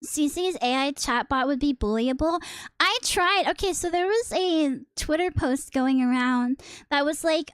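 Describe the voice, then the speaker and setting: This VTuber streamer has a high voice, speaks a little slowly, and the sound is dry with no echo. She rambles to her chat in a casual, teasing way, using lots of fillers.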